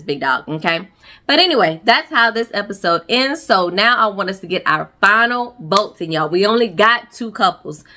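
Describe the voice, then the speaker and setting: A woman talks straight to her viewers as she recaps a reality show, sassy and slangy. Her voice is bright and forceful. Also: on the low side. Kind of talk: casual recap commentary.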